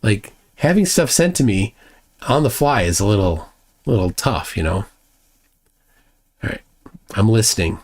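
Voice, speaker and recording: Low-voiced Minnesotan man live streaming. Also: very animated, a little slow, long pauses. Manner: rambling, reads chat aloud, many restarts. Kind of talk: casual live stream chat.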